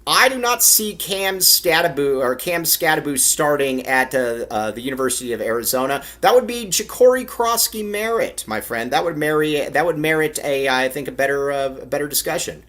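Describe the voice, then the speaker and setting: A man's voice: on the high side, normal speed, hardly any pauses, a bit bright, dry recording. A man hosting a live sports talk show, chatty and self-deprecating.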